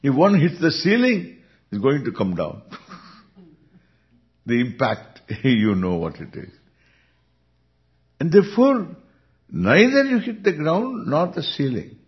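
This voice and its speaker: A man with an Indian accent gives a Vedanta discourse as a spiritual teacher. He speaks very slowly, with a lively rise and fall, and chuckles often. The recording is dull and lo-fi. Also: a little high. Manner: unhurried, chuckling, lively intonation.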